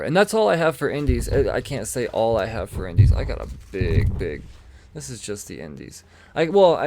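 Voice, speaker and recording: A man's voice: lowish voice, darkish tone. A man hosting a comic book podcast, talking casually and with enthusiasm, rambling and often repeating his words as he goes. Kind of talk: casual solo talk showing comics.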